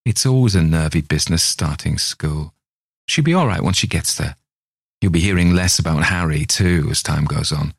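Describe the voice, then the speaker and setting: A man reading plays an easygoing husband in a ghost story, teasing and reassuring. The voice is deep and husky. It sounds dry and close. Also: normal speed, no echo, heavily acted.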